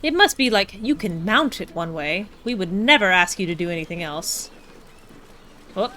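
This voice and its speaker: A woman's voice: medium pitch, lively intonation, normal speed, bright, forceful tone, slight background noise. A woman streaming a video game, reading its text aloud with wry, chatty asides.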